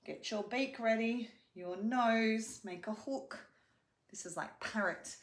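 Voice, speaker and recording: A young woman, a speech pathologist, leads a children's lesson, teaching hand signs and singing a simple animal song in a sing-song way. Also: fairly high pitch. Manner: sing-song, slow and clearly paced for a child. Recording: roomy echo.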